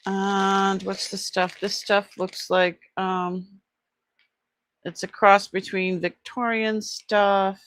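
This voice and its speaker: A middle-aged woman chatting casually during an online jewelry sale, trailing off with fillers and switching to high cooing baby talk with her pet. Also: level tone, slow, a bit bright. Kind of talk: casual live-sale chat.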